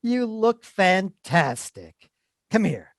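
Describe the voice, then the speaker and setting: A woman's voice: medium pitch, big pitch swings, slow, no room sound, clean studio sound. A woman playing a charming male Hollywood producer greeting an old flame in a read-aloud stage play, eager and persuasive. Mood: coaxing.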